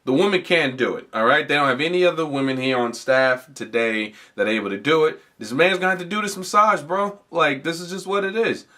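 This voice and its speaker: A man's voice: a little high, a little fast, few pauses, sharp tone. A man hosting a comedy podcast, telling a rambling, profane story in a casual way, full of fillers and restarts. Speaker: podcast host.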